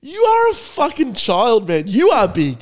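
A man's voice: very high voice, wildly swooping pitch, unhurried. An Australian man co-hosting a podcast in casual chat, laughing often and swearing freely as he riffs. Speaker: podcast co-host.

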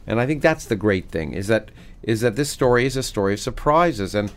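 A middle-aged male physicist and author being interviewed, talking with animated enthusiasm and many restarts. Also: on the low side, fairly quick. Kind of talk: conversational interview, reading aloud from his book.

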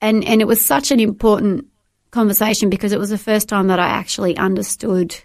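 An Australian woman in middle age recounts her testimony in a heartfelt, halting way, circling back and restarting as she speaks. Her voice carries a noticeable gravelly fry. The sound is dry and close to the mic. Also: mid-range voice, steady tone, a little mellow, dry recording. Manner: earnest, emotional, halting with repeated restarts. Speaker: guest. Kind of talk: personal testimony in a faith interview.

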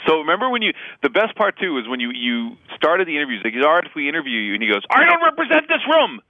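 A man's voice: a little high, rapid-fire, dry recording, narrow, tinny audio. A man co-hosting a podcast, telling stories animatedly and acting out quotes. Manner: animated storyteller, acts out quotes, laughs a lot. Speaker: podcast co-host. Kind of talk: casual chat.

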